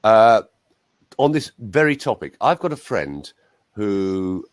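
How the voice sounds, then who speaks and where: A man's voice: fairly low pitch, slow, no room sound. A man working as a voice coach, chatting casually and telling rambling anecdotes full of asides. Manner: animated storyteller, rambling asides.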